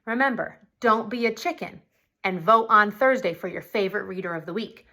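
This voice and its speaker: A woman's voice: medium pitch, brisk, sharp tone. A woman host wrapping up a reading contest and speaking directly to viewers in an upbeat way. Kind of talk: cheerful announcement.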